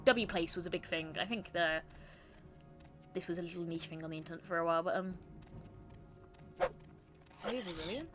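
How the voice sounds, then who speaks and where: A woman's voice: fairly low pitch, moderate pace, long pauses. Chatty woman streaming a game. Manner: chatty, reads chat aloud, laughs often. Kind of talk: casual gaming stream chat. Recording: streamed with loud game music.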